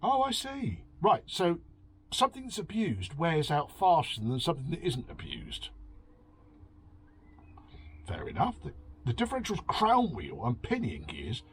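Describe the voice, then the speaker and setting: Sweary sarcastic man, lively pitch. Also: measured pace, pauses often, slight background noise. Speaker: host. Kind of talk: drunken rambling review. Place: home, drinking beer.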